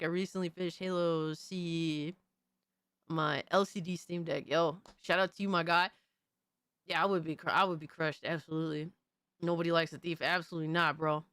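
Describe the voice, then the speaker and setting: A woman hosting a casual livestream, talking to her chat in a profane, animated, slangy way. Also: fairly low pitch, no room sound. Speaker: livestream host reading chat.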